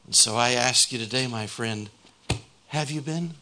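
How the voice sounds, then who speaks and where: A man's voice: medium pitch, moderate pace, pushed and bright. A man preaching a sermon, retelling a conversion story and building to a fervent appeal.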